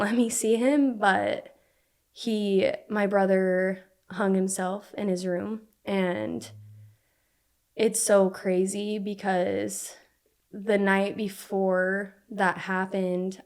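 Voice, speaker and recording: A young woman from Utah recounts her story on a podcast in a conversational, halting manner, constantly leaning on "like" as a filler. Her pitch is ordinary and middle-range, with a slightly mellow quality.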